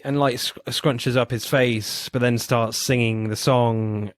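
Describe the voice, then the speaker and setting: Male podcast co-host, low voice, chatty and loose, dry studio sound. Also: steady tone, unhurried, hardly any pauses, clear, resonant tone, no room sound. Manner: chatty, laughs often, swears casually. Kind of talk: casual film review chat.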